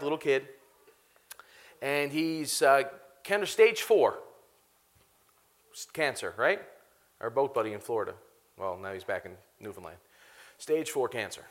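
A man in his thirties preaching a sermon to a live congregation, animated and often laughing as he talks to them directly. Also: a little high. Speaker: pastor.

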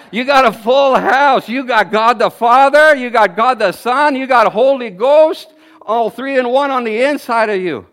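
High-voiced preacher in his fifties. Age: 50s. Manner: energetic, exclaiming, laughing often. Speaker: guest preacher. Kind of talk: sermon. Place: church service.

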